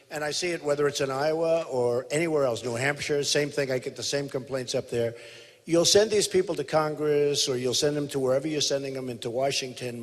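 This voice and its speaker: Male candidate, emphatic rally delivery, slightly high voice, theater reverb. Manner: emphatic, repetitive, boastful, quotes others in a mimicking voice. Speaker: presidential candidate speaking at a rally. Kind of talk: rally speech in conversation onstage. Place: large theater hall.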